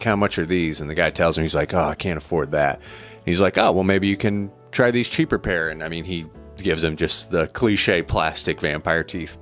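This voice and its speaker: A man casually recapping and reviewing a movie in an animated way, laughing now and then and repeating words. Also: low voice.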